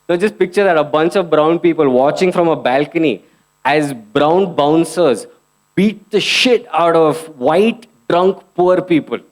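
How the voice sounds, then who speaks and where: A man's voice: on the high side, unhurried. A young man doing a stand-up set, punchy and conversational, often addressing the crowd. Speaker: stand-up comedian.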